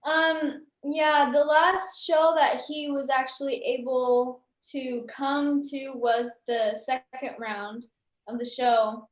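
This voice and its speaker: Young woman, interview guest, high voice, chatty storyteller, echoey room. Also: slow pace. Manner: chatty, animated, with many fillers.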